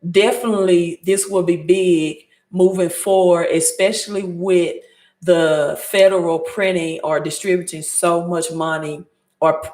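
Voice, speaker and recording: A woman's voice: fairly low pitch, roomy sound. A woman with a Southern Mississippi accent hosting a casual livestream, chatting loosely and reading out viewer comments as she thinks aloud. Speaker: credit advice host.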